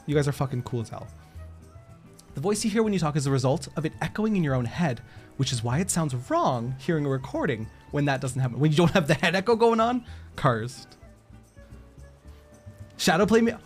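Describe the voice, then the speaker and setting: Male streamer, casual chat, lively swooping voice, fairly high, faint music behind. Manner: animated, laughs often, swears casually.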